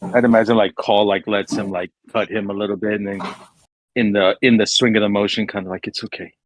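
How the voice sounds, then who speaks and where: A man's voice: on the low side, flat delivery, brisk, dry recording. A man playing a tabletop game who rambles through his ideas with plenty of "like". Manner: rambling, full of "like". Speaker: player. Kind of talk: casual tabletop game play.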